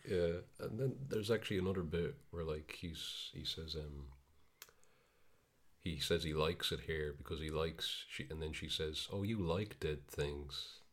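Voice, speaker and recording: A man's voice: a bass voice, a little slow. A man co-hosting a podcast, chatting casually and wryly retelling scenes from a film. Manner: laid-back, wry storytelling. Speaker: podcast co-host. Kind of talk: casual chat reviewing a film.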